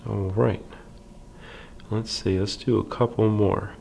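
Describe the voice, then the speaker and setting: A man teaching a library drawing lesson step by step, calm and patient, with many fillers and soft half-whispers while he draws. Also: lowish voice, slow, vocal fry, slight background noise.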